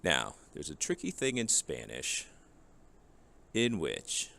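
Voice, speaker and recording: A man's voice: rumbling low, huge pitch swings, takes it slowly, vocal fry, pushed and bright. A man teaching a beginner Spanish lesson, patiently explaining and drilling words one at a time. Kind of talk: classroom video lesson.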